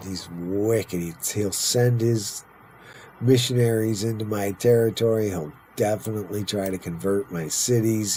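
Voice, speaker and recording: A man's voice: lowish voice, darkish tone, a little hiss or hum, poor audio. A man hosting a casual let's-play of a strategy game, chatty and playful, who slips into mock-grand roleplay and sounds tired and punch drunk. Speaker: gaming video host.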